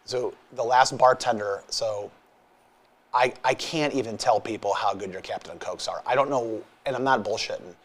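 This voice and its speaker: A man's voice: medium pitch, moderate pace. Joking, rambling man. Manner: rambling, joking, repeats himself. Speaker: podcast co-host. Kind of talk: casual banter podcast.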